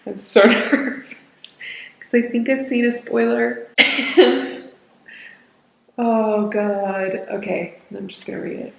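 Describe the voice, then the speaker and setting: A young woman in her twenties records a casual book reaction vlog at home, with a camera at close range. Her voice is on the high side and creaky, with fairly even intonation and a slow pace, and she's chatty and emotional, often laughing between lines. The audio is reverberant and poor.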